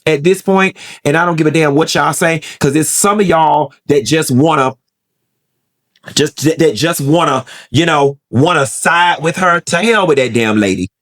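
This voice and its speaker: A man with a slightly high voice hosts a celebrity gossip show. He rants in a sassy, blunt and profane way. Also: normal speed, a bit bright. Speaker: host.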